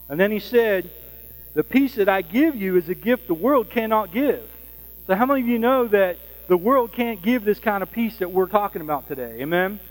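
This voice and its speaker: A man preaching a sermon in a conversational way, often pausing to ask "Amen?". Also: sits high, big-room sound, rough recording. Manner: conversational, frequent fillers and "Amen?" checks.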